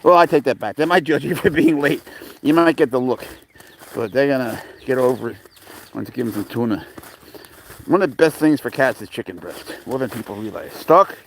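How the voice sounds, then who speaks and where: A man's voice: mid-range voice, fairly quick, slight background noise. A man casually chatting with viewers on a live stream while walking his pet cat outdoors. He rambles, calls people bro, and his voice jumps up when he coaxes the animal.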